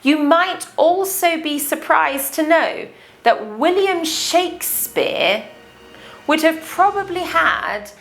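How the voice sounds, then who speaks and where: Slow, careful RP English woman teacher. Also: high voice, expressive, a bit bright. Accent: English received pronunciation. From England. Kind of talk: accent lesson.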